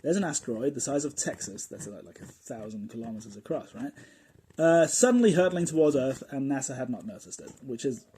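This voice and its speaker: A man with a mellow, warm voice chats through a podcast topic in a playful, joking way. His pitch sits in an ordinary middle range, and he keeps the tone light and animated, with faint noise in the background. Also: brisk. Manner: playful, animated, jokey storytelling. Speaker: podcast host. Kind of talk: casual explanatory podcast talk.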